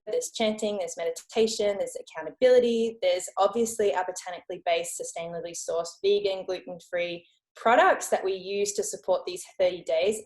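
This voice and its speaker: A woman's voice: mid-range voice, a little mellow. A woman in her late twenties giving a friendly, informal product presentation on a video call. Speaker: network marketing consultant.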